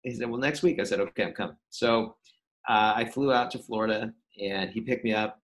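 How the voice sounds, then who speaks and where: A man, a podcast guest, telling a story in a casual interview and acting out the quoted dialogue with lively energy. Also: lowish voice, fairly quick, rough recording.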